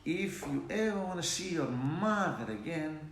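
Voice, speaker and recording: A man's voice: on the high side, animated, unhurried, slight background noise. A man voicing a threatening mafia man with a put-on Italian accent, in an echoey room. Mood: menacing.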